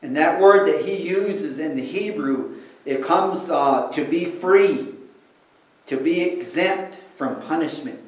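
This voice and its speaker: A man preaching a sermon, teaching slowly and with emphasis while switching between English and another language. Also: on the high side. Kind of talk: bilingual sermon with interpretation. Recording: roomy and distant from the mic.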